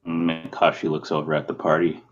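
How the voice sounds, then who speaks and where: A man's voice: a bass voice, completely flat delivery, brisk, lo-fi sound, faint music behind. A man playing a tabletop game, describing his character's actions in the third person. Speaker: player. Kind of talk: casual game chat.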